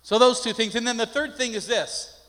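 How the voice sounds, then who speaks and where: Older male pastor, high-pitched, folksy and emphatic, recorded in a reverberant sanctuary. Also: normal speed, bright, forceful tone. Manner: folksy storytelling, rising to emphatic preaching. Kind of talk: sermon. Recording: long hall reverb.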